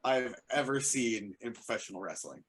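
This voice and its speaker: A man's voice: mid-range voice, expressive, normal speed, a bit bright. Playful, rambling man in casual chat. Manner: playful, rambly, corrects himself mid-sentence. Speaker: wrestling podcast co-host.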